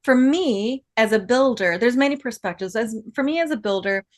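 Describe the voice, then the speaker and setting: A woman's voice: a little high, expressive, normal speed. A woman guest on a podcast, telling stories chattily, laughing often and restarting her sentences. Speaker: guest artist and builder. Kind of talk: casual podcast conversation.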